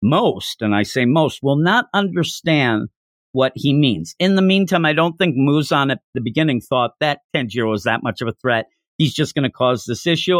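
An animated male podcast host retells a chapter with enthusiasm. His fairly high voice rises and falls a lot. The sound is close and dry, with no room echo. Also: moderate pace. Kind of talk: casual chapter recap.

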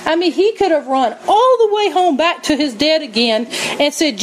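High-voiced woman preaching a sermon. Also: moderate pace, a little hiss or hum, low-quality recording. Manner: animated storytelling, acts out quotes, laughs often.

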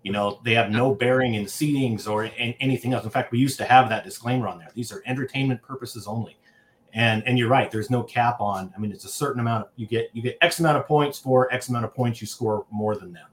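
Brisk, blunt man on a sports podcast. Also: medium pitch, slight background noise. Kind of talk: casual sports podcast chat.

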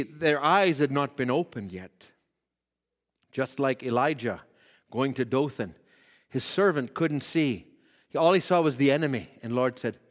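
A man preaching a sermon, moving between loud exhortation and quiet scripture reading. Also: a little high, long reverb tail.

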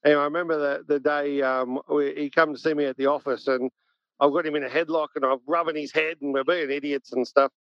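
A man in casual conversation, a blunt and animated storyteller who swears and laughs easily. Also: fairly high pitch, fairly quick, dry recording. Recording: dry, dull lo-fi sound.

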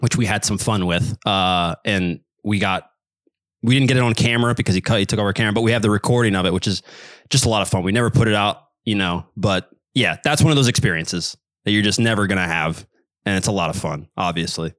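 A young man chatting on a podcast, telling a story in an animated way and laughing now and then. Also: lowish voice, quick pace, no echo, clean studio sound. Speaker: podcast guest. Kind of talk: casual storytelling. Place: home room in Sweden.

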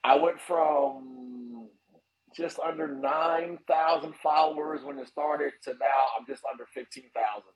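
A man chatting casually as a podcast guest, animated and swearing freely. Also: fairly high pitch, a little slow, crowd noise, low-quality recording. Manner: animated, swears casually, acts out quoted voices. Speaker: podcast guest, snake breeder. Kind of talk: casual chat.

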